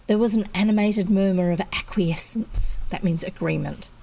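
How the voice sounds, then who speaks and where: A woman's voice: medium pitch, moderate pace, creaky, dark tone, slight background noise, rough recording. A woman with a New Zealand accent reading a children's story aloud and adding chatty asides. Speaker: audiobook reader.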